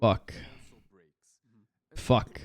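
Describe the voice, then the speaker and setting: A man streaming a guessing game, talking casually to his chat, swearing and muttering to himself as he plays. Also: extremely slow. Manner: muttering, profane, talking to chat while playing. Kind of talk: casual live-stream commentary.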